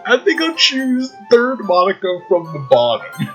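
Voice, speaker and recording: A man playing a story game, reading its text aloud and reacting with excited exclamations and frequent laughs. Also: high-pitched, unhurried, soft background music, poor audio. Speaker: gaming YouTuber.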